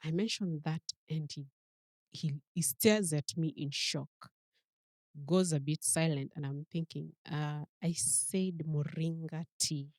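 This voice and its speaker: Low-voiced Kenyan woman telling a story. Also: measured pace, dry recording. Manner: lively storyteller acting out quoted voices. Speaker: podcast guest. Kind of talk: storytelling interview.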